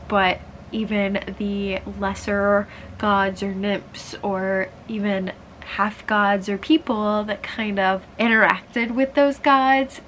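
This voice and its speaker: A woman's voice: mid-range voice, fairly bright tone, slight background noise, poor audio. A young woman with a congested voice, chatting enthusiastically as she reviews the books she read. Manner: chatty, enthusiastic, uses fillers like "like". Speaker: book vlogger. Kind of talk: casual book review vlog.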